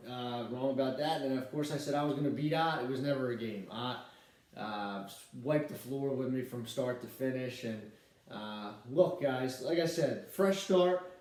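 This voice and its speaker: A man chats loosely and cheerfully as a podcast host, stumbling over fillers and restarts. His voice sits at a middling pitch. It sounds strongly echoey, as if the mic stood well away from him in a bare room. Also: moderate pace, darkish tone, distant mic. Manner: rambling, filler-heavy, upbeat. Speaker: podcast host, league commissioner. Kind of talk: casual solo podcast chat.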